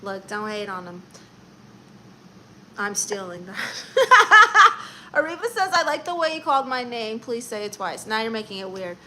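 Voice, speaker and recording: A woman's voice: on the high side, big pitch swings, a little slow, pauses often, sharp tone, slight background noise. A woman from Florida hosting a casual live stream, chatting playfully and reading viewer comments aloud. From Orlando, Florida.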